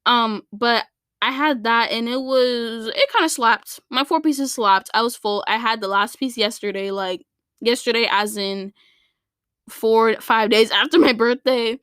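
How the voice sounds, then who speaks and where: A woman's voice: a little high, measured pace, a bit bright, clean tone, no room sound, studio quality. A young woman hosting her own podcast, talking in a rambling, chatty way with lots of fillers and restarts. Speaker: podcast host. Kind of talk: casual solo podcast chat. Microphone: studio microphone.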